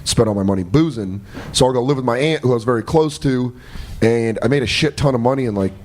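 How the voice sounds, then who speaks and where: A comedian guest on a podcast, telling profane, laughing anecdotes in casual chat. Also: male voice, mid-range voice, fast talker, a little mellow.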